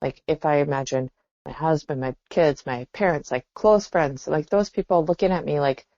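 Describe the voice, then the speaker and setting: A woman's voice: low-pitched, normal speed, warm tone, no echo. A woman co-hosting a podcast, talking in a reflective, exclamatory way. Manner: reflective, exclaims and laughs often. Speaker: podcast co-host. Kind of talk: casual chat. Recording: dull dry lo-fi sound.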